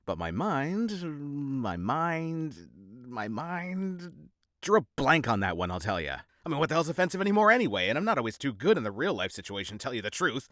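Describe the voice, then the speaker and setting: A man's voice: medium pitch, very animated, normal speed, a bit bright, no echo, clean studio sound. A man narrating a novel in first person, with a sardonic, rambling, wry delivery. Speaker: audiobook narrator.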